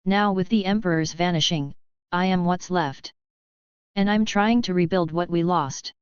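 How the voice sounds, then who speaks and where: A woman's voice: lowish voice, normal speed, smooth, dry recording, close to an everyday voice. Casting: heartbroken, pleading young wife, read by a woman, dry, dull sound. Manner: pleading, tearful.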